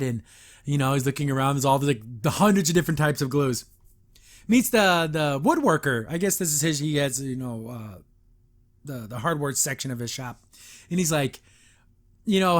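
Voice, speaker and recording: A male podcast host giving a casual, chatty cartoon review with a high-pitched voice. He laughs often and slips into the characters' lines as he retells the scenes. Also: lively intonation, a little fast, fairly bright tone.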